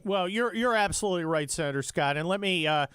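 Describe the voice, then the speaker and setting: A man's voice: high-pitched, quick pace, fairly bright tone, smooth, no echo. Fervent talk-radio man, dry studio sound. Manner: fervent, heated, many restarts. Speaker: guest radio host.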